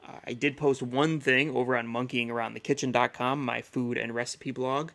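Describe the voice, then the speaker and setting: A man's voice: medium pitch, steady tone, normal speed, creaky, a bit bright. A man in his thirties hosting a casual solo podcast, rambling and chatty with lots of fillers. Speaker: podcast host.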